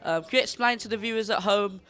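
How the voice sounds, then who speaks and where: High-voiced upbeat male reporter. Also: sharp tone, soft background music. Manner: brisk and upbeat, short prompting questions. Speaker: entertainment reporter. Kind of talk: red-carpet interview questions.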